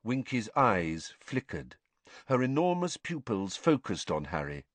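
A man reading a children's novel aloud as an audiobook narrator, expressive storytelling. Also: lowish voice, a little slow, dry recording. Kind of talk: scripted narration.

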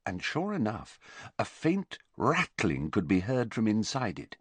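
A man giving a deliberate scripted audiobook narration in an even storytelling manner. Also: on the low side, slightly rough, no room sound.

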